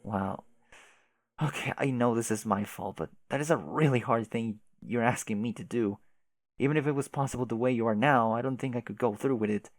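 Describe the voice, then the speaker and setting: A man reading aloud and voicing a patient companion who speaks to a grieving girl in a gentle, hushed, coaxing way. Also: mid-range voice, fairly quick, no echo, close to an everyday voice.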